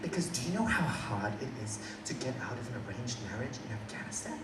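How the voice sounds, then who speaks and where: A man's voice: mid-range voice, sing-song, quick pace, background noise. A young man with an Australian accent performing a stand-up comedy set, telling a story with crowd work. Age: young adult. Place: small coffee shop venue, indoors. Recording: roomy, distant live room recording. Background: room ambience and audience laughter.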